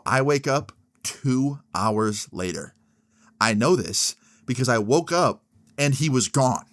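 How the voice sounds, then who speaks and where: A man telling a story in a casual vlog, chatty and animated with lots of slang fillers. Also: medium pitch.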